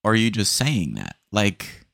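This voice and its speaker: A man's voice: fairly low pitch, huge pitch swings, measured pace, vocal fry, fairly bright tone, no echo. A young man hosting a casual solo podcast, telling rambling stream-of-consciousness stories and often saying dude. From Texas. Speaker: podcast host.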